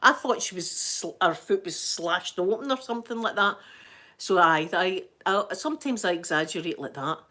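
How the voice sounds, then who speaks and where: A middle-aged Scottish woman hosts a casual live chat, telling stories to her viewers and greeting them as she goes. Her voice swings widely in pitch, and it leaps up into high, panicked bursts whenever she acts out her own screaming. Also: animated, normal speed, pushed and bright. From Scotland. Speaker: live-stream host.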